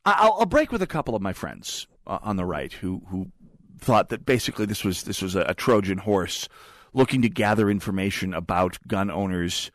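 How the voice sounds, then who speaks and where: Animated, sarcastic male talk radio host. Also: lowish voice, no room sound. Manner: animated, sarcastic, rambling with frequent restarts. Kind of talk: political talk radio monologue.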